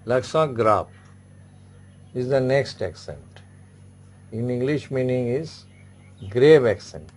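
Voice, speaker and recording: Male language teacher, patient and repetitive, mid-pitched voice. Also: animated, takes it slowly, pauses often, warm tone. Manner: repetitive, instructive, frequent "okay" and "say". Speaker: French teacher. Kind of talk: classroom language lesson.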